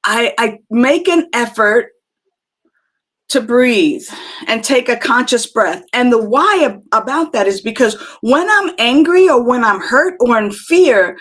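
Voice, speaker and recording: A woman hosting a live spiritual talk show, speaking gently and reflectively with many fillers and restarts as she answers chat comments. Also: on the high side, lively intonation, unhurried.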